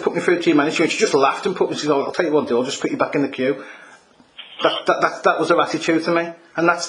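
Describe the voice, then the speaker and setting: A man making an irate, repetitive phone complaint as a customer, calling the agent mate. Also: on the high side.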